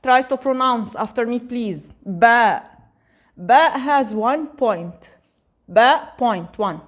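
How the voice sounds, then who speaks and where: A woman teaching the alphabet, repeating each letter slowly for the listener to echo. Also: a little high, animated. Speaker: Arabic teacher. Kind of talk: slow spoken alphabet lesson.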